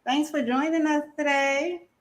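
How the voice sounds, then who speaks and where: A woman's voice: high-pitched, fairly even intonation, measured pace. A woman co-hosting a casual live chat, laughing often at herself. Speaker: livestream co-host.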